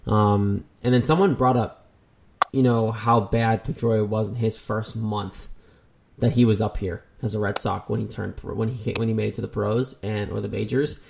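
A man's voice: on the low side, fairly even intonation, normal speed, vocal fry, a little mellow, slight background noise. A man co-hosting a casual baseball talk show, rambling with many restarts. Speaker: sports podcast co-host.

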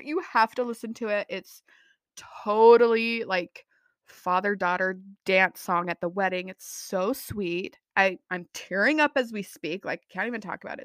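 A woman's voice: mid-range voice, fairly bright tone, dry recording, studio quality. A young adult woman hosting a casual solo podcast, gushing and bubbly, often laughing at herself. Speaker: podcast host.

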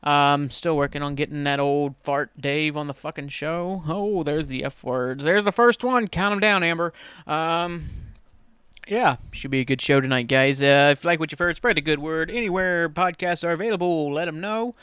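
An American man hosting his own solo podcast, rambling excitedly and swearing freely as he chats. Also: on the high side, normal speed, clean tone, no echo, studio quality. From United States. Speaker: podcast host. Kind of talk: casual solo podcast chat.

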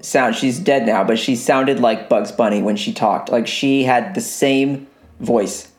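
A man's voice: medium pitch, steady tone, a little slow, faint music behind. Rambling man in a roomy space. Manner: rambling, self-deprecating, laughs often. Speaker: podcast guest. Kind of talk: casual chat. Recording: roomy echo.

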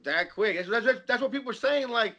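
A man's voice: very high voice, expressive, fairly quick, dull audio, a loud crowd. A man in casual chat, laid-back and swearing often, talking about cosplay.

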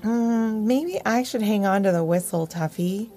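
A woman's voice: mid-range voice, a little slow, warm tone, faint music behind, voice pushed up, natural voice. A woman voicing an eager, slightly bossy young male puppy hero.

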